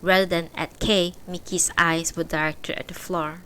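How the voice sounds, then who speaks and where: A woman streamer reading a novel aloud live, in steady plain narration with small restarts. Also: lowish voice, moderate pace, slight background noise, rough recording.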